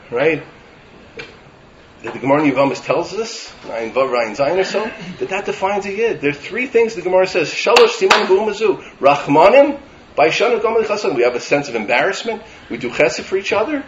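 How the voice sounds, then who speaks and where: A man delivering a sermon as a rabbi, animated and building to emphatic lists. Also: on the high side, highs cut off, slight background noise.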